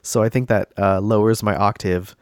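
A man's voice: on the low side, fairly even intonation, moderate pace, dry recording, studio quality. A man hosting a casual gaming podcast, stuffy and congested from a cold, rambling with many fillers and restarts. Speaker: podcast host.

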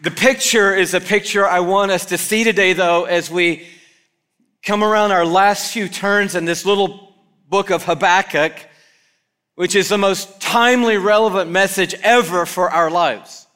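A man pastor preaching an animated sermon in a church, acting out the prayers and voices he quotes. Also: sits high, unhurried, clean tone.

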